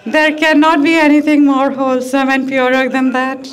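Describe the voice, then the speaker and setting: A woman doing stand-up comedy on stage in front of a live audience, with deadpan delivery and crude punchlines. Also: sits high, moderate pace, few pauses. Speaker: guest comedian.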